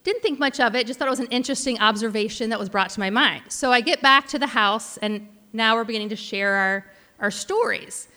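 A woman's voice: a little high, brisk, bright, forceful tone, big-room sound. A woman pastor giving a heartfelt sermon, telling a personal story with frequent restarts. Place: large church hall.

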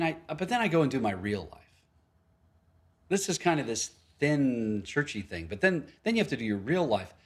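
A male pastor giving a sermon in a conversational, storytelling way, with frequent asides and restarts. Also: mid-range voice.

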